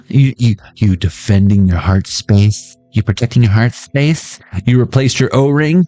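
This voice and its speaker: A man riffing through a tarot reading in a jokey, animated way, his pitch bouncing all over. He keeps popping up into squeaky high voices for gags. The sound is dry and close, with faint music underneath. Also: measured pace, few pauses, no echo. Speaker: tarot reader. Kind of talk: comedic tarot reading monologue.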